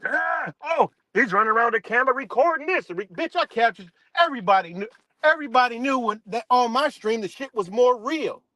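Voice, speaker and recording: A man with a high voice hosts his livestream in a heated, profane rant, mocking and cursing at someone. The sound is dry and close, with no room around it. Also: pushed and bright, no room sound. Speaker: livestream host.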